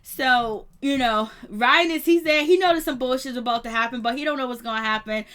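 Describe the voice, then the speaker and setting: A woman's voice: sits high, a little fast. A woman hosting a live show, recapping a reality episode in slang-heavy casual talk, acting out quotes and laughing often. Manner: animated retelling, acts out quotes, frequent laughter. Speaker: YouTube show host reviewing reality TV. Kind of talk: live-stream commentary chat.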